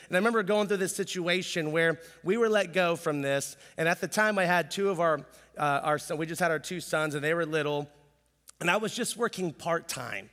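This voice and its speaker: Thirties male pastor, lively self-mocking storyteller, sharp bright tone, long hall echo. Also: fairly high pitch, brisk. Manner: animated, self-deprecating storytelling with jokes. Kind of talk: casual sermon. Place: church sanctuary.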